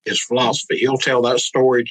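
A man speaks in a relaxed, mid-pitched voice as a pastor in a casual interview. He rambles in a folksy way, often slipping into other people's words as he tells a story. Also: fairly quick, slightly rough, poor audio. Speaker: pastor and guest.

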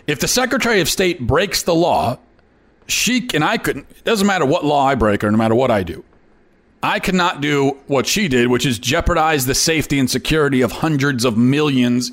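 A man hosting an opinion commentary show, talking emphatically and often repeating words for effect. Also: mid-range voice. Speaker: host.

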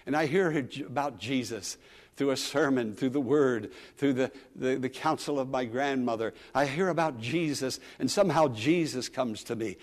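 A male pastor preaching earnestly to a congregation. He repeats his phrases and moves between loud emphasis and soft asides. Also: mid-range voice. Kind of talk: sermon. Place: church sanctuary. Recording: long church reverb.

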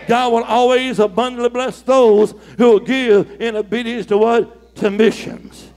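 Man, middle-aged, preacher, high voice, fiery, whooping, call-and-response. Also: level tone, normal speed, hardly any pauses, a little mellow. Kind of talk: fiery sermon storytelling.

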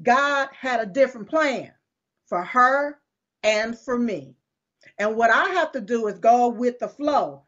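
A woman's voice: fairly high pitch, lively intonation, measured pace, fairly bright tone. A woman, hosting a live show and talking to viewers in an emphatic, repetitive, folksy preaching cadence. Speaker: show host. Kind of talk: casual talk to viewers. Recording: dull lo-fi stream audio.

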